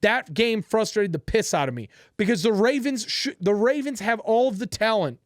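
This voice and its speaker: At a normal speed, a man co-hosting a sports podcast launches into a profane, emphatic football rant. His animated voice rises and falls across a wide pitch range, and the sound is dry and close, with no room around it.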